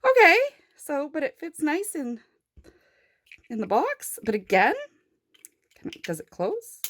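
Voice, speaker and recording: Young woman toy reviewer, high bright voice, unhurried, gushes over every find. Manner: gushing and excitable, with gasps and squeals of delight.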